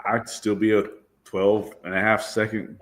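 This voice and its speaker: A man's voice: lowish voice, level tone, unhurried, fairly bright tone. A man, a drag racer and guest, telling a story about his car in a loose, self-deprecating way, laughing and swearing as he goes. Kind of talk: casual storytelling.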